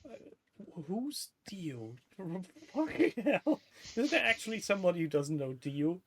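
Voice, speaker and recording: A man's voice: high-pitched, big pitch swings. A man co-hosting a podcast in casual chat, playful and teasing. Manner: playful, teasing, quick to laugh. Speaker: podcast co-host.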